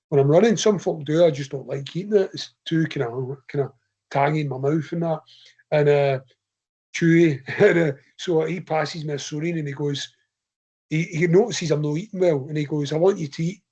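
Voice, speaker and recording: A Scottish man with a husky, slightly high voice tells a long, meandering story to podcast hosts. His talk is loose and chatty, with laughs scattered through it. The audio sounds a touch dull and lo-fi. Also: brisk, a little mellow. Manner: rambling, chatty anecdote with frequent laughs. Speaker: podcast guest, ultra runner. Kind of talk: casual storytelling.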